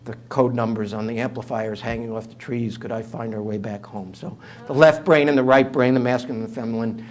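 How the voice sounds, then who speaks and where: Older new york guy telling funny stories in an interview, lots of uhs, mid-pitch voice. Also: steady tone, fairly quick. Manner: humorous storyteller, conversational with fillers. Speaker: author and guest speaker. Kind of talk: interview talk, anecdotal.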